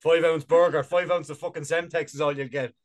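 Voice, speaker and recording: A man's voice: a little high, steady tone, a little fast. A man from Ireland co-hosting a comedy podcast, rambling through jokes and swearing casually. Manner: rambling, jokey, swears often. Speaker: podcast co-host.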